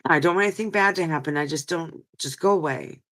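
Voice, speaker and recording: A woman's voice: deep voice, quick pace, a bit bright. A woman hosting a live chat stream, talking in an earnest, rambling, emotional way with a stuffy nose from crying. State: stuffy-nosed after crying. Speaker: livestream host. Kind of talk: casual live chat reading comments.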